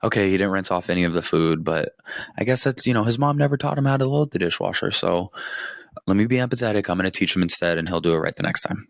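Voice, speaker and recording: A man's voice: low voice, expressive, quick pace, vocal fry, dry recording, clean studio sound. A man voicing a patient, understanding wife who reasons through her husband's faults. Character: patient, understanding wife, young adult woman.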